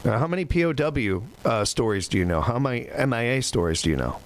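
A man's voice: medium pitch, big pitch swings, fast talker, low-quality recording. A man hosting a country music radio show, talking in a folksy, rambling, self-deprecating way. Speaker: radio host. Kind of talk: casual radio show chat.

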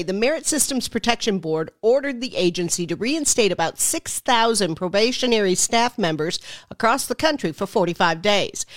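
A woman's voice: mid-range voice, no room sound. Woman reading radio news, dry studio. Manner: steady, measured delivery. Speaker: radio newsreader. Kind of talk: scripted news read. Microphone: studio mic.

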